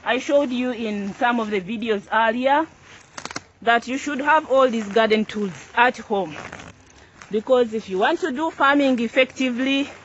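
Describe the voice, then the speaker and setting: A woman's voice: fairly high pitch, a little hiss or hum. A woman farmer hosting her own channel, showing in a casual tutorial how to plant crops outdoors. She repeats phrases as she works with her hands and keeps her tone upbeat and instructive. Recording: dull lo-fi recording.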